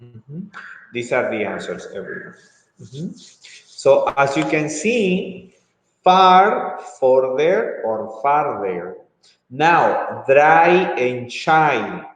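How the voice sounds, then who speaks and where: A man teaching English grammar in an online lesson, speaking slowly and drawing words out, with frequent mm-hmms. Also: medium pitch, sing-song, background noise. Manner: slow, drawn-out, with frequent mm-hmms. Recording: echoey room with long reverb.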